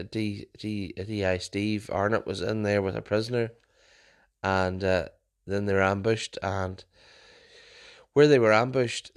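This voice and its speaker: A young man hosts his own podcast solo, his voice sitting a little low. He chats casually and rambles through stories, often restarting and correcting himself mid-sentence. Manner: chatty storyteller, frequent restarts and self-corrections. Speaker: podcast host.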